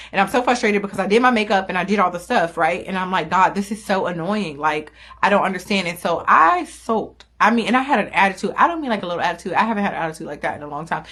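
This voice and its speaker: A woman's voice: on the low side, a bit bright. Earnest young woman giving a faith pep talk. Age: young adult. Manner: candid, emphatic, self-encouraging. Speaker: podcast host. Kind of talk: faith-based motivational talk. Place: small home recording studio.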